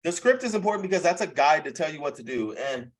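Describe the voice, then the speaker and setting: A young man talks on a live video call with a voice pitched a bit high for a man. He coaches in a blunt, casual way, throws in profanity, and keeps checking in with "okay?" and "bro.". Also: big pitch swings, fast talker, low-quality recording.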